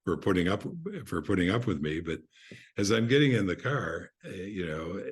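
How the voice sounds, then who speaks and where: An older man, a podcast guest, telling relaxed anecdotes in an unhurried way, often restarting his sentences. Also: sits low, breathy edge. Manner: unhurried storyteller with frequent restarts and fillers.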